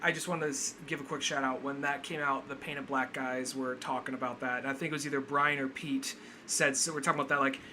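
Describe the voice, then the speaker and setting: Bright-voiced man co-hosting a casual podcast. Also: mid-range voice, steady tone, quick pace, slight background noise. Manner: loose, rambling, full of "like" and profanity. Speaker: podcast co-host. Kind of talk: casual movie review chat.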